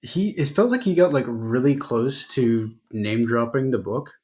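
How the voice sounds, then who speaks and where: A man with a mid-range voice, guesting on a relaxed podcast. He offers his ideas in a tentative, casual way. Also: medium pitch, a little slow. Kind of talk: casual literary discussion.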